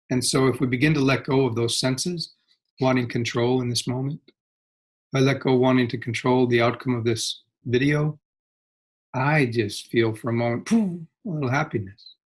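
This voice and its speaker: A man speaking as a guest, explaining ideas in a reflective, animated way and laughing often. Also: medium pitch, breathy edge. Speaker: guest, spiritual teacher.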